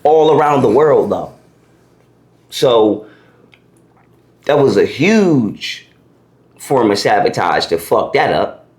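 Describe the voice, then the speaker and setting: A man being interviewed, talking in a loose, profane, animated way as he lays out his ideas. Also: medium pitch, slow, long pauses. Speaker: interview guest. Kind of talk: casual conversational interview.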